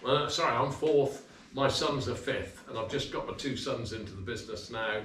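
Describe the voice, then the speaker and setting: Man, slightly worn voice, relaxed storytelling, roomy echo, far from the mic. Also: mid-range voice, moderate pace. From England. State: voice a little worn from selling. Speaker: guest speaker, livestock auctioneer. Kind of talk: informal talk to a club. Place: pub function room. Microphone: far camera. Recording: roomy, distant, faint room noise.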